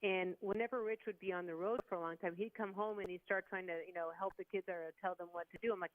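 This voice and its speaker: A woman in her fifties, a sports broadcaster, chatting on radio as an animated storyteller who acts out quotes. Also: mid-range voice, fast talker, few pauses, dry recording, narrow, tinny audio. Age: 50s. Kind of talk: casual sports radio chat.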